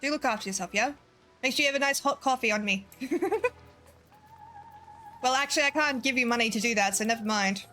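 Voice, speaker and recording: Young woman streaming, high bright voice, giggles a lot, chatty. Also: fairly quick, pauses often, faint music behind. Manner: giggly, chatty, reads chat aloud. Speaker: game streamer. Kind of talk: casual live-stream chat.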